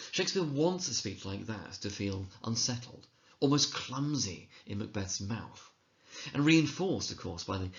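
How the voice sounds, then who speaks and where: Measured man explaining verse. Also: fairly low pitch, echoey room, dull audio. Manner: explanatory, measured, with occasional slips and restarts; reads quoted lines slowly and dramatically. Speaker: teacher trainer. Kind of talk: recorded lecture narration.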